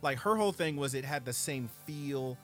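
A man co-hosting a laid-back podcast, with a voice of ordinary middle pitch. He swears freely and retells stories in an animated, rambling way. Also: moderate pace, soft background music. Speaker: podcast co-host. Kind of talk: casual chat.

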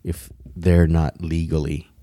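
A man's voice: rumbling low, level tone, unhurried, warm tone, no room sound. A man in casual conversation, rambling with frequent restarts and casual swearing. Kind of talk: casual chat.

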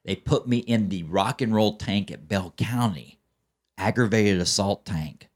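A man's voice: fairly low pitch, a little slow. A man telling his recovery story as a podcast guest, in a fervent, preacher-like way that keeps checking in with "okay?" and "right?". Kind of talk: testimonial storytelling.

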